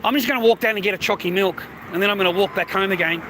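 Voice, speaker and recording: A man's voice: sits high, racing, sharp tone. Profane, rambling man streaming outdoors. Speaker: live streamer. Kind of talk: casual street live stream. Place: outdoors on a city street. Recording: faint street noise.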